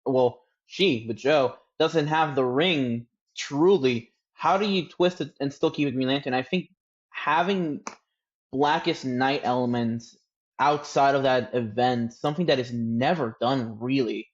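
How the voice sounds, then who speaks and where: A man's voice: medium pitch, measured pace, lo-fi sound. A man co-hosting a comics podcast in casual chat, thoughtfully explaining his opinions at length. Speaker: podcast co-host.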